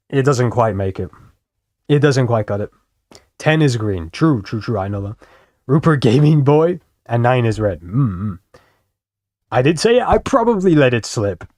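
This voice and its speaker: A man's voice: mid-range voice, lively intonation, unhurried, pauses often, darkish tone, no room sound, clean studio sound. A young man casually rambling and swearing while commenting on videos as a streamer. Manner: rambling, swears freely, self-deprecating.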